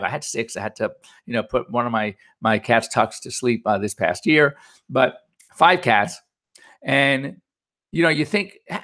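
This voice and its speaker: A man's voice: mid-range voice, a bit bright. A middle-aged man hosting a pet radio show as a veterinarian, talking in a chatty, anecdotal, upbeat way. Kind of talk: casual chat.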